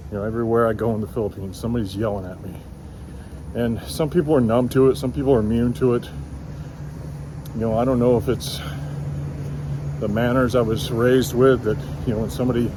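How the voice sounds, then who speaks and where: A man's voice: fairly low pitch, a little hiss or hum. Chatty man vlogging on a city street. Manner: chatty, exasperated, rambling. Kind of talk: walk-and-talk vlog storytelling.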